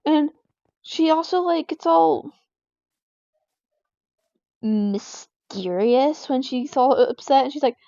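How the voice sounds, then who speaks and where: A high-pitched teenage girl rambles through an exasperated vent session while she plays a game. Her words come packed with "like" fillers. The sound is dry and a bit dull, as if recorded on a lo-fi home mic. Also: unhurried, creaky, long pauses, warm tone, no room sound. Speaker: gaming vlogger. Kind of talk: casual venting while playing a game.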